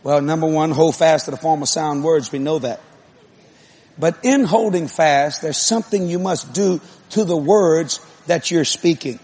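Husky high-voiced preacher, rising to shouts. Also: male voice, unhurried. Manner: builds from conversational to shouted emphatic preaching, jokes with congregation. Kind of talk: sermon.

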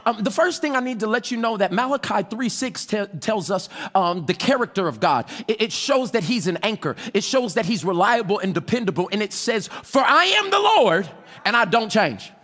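A man with a high voice, an adult with children, preaches a sermon as a pastor. He is fervent and expressive, moving briskly with few pauses, swinging between shouting and hushed tones as he calls on the congregation to respond.

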